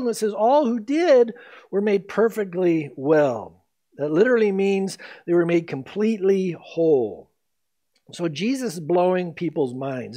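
A man preaching an expository sermon as pastor, telling the story with animated energy and acting out the quoted lines. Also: high-pitched, moderate pace. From United States.

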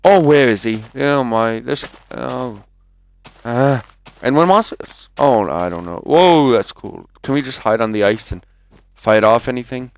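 A man with a medium-pitched, animated voice and some vocal fry talks unhurriedly over a little hiss or hum. He's a gaming commentator doing live let's-play commentary, rambling and chatty, with jumpy exclamations as he plays.

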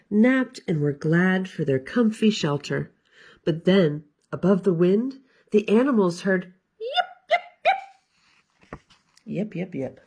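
A woman librarian giving an expressive, sing-song storytime read-aloud for children. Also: medium pitch, breathy edge.

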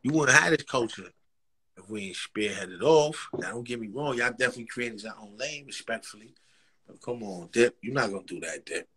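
A rapper with a New York accent talks a little fast in a slightly rough mid-range voice during a casual interview. His street stories are animated and full of slang, with acted-out quotes and frequent laughter.

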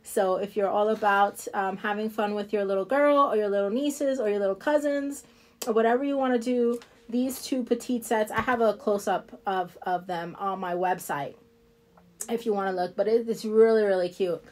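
A woman's voice: medium pitch, moderate pace, darkish tone. A woman with a New Jersey accent chatting casually to viewers as she shows off nail products, rambling and laughing easily. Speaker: independent nail product seller. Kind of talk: casual live product showcase.

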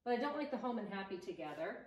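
A woman vlogs about home decor DIY, chatting enthusiastically and thinking aloud while arranging pieces around her home. Her medium-pitched voice swings widely in pitch and comes out rapid-fire. The distant mic picks up a roomy echo and faint noise.

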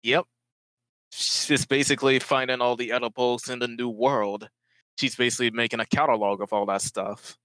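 A man's voice: medium pitch, fairly even intonation, moderate pace, pushed and bright, no echo, poor audio. A man appearing as a podcast guest, explaining in a casual, matter-of-fact, informative way. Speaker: podcast guest, lore expert.

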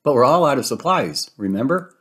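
A man's voice: mid-range voice, big pitch swings, fairly quick, a bit bright, slightly rough. A man voicing a fussy, dramatic female cartoon duck in a storybook read-aloud, easily worried. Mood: fretful.

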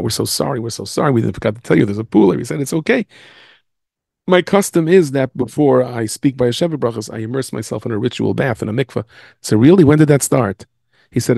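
Rabbi lecturing over a video call, gravelly voice, dry close sound, acts out each character in his stories. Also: medium pitch, no room sound. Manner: animated storyteller acting out dialogue. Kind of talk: storytelling lecture. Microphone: Zoom.

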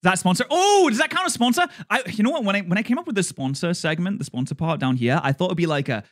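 A man streaming, reacting to a video with animated, joking commentary. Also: high voice. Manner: animated, joking, rapid asides. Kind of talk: casual live-stream commentary.

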